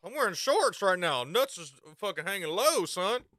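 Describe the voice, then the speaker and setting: A man streaming and chatting casually, loud and profane, quick to laugh. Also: high voice, very animated, dry recording, clean studio sound. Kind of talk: casual chat.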